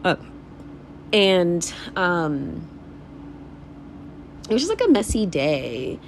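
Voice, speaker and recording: A woman's voice: on the low side, sing-song, extremely slow, a little hiss or hum. A young woman hosting a casual solo podcast, talking candidly in a rambling way, full of fillers, swearing and laughter. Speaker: podcast host.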